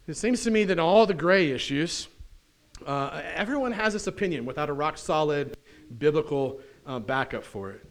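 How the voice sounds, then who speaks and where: A pastor preaching a conversational sermon in church, often putting questions to the congregation. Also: male voice, on the high side, expressive, moderate pace. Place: church sanctuary.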